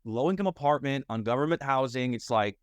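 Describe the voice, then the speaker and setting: A young American man, a mindset and fitness coach from the United States, candidly tells his life story in a podcast conversation, rambling with plenty of "like" and "you know." His mid-range voice is animated, brisk and smooth, and the recording is dry.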